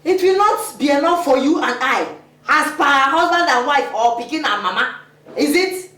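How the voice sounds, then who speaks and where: A woman's voice: high voice, expressive, a bit bright. An actress with a Nigerian accent playing a harsh mother who calls her son names. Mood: bossy. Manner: insulting, slow and sing-song. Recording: distant echoey film audio.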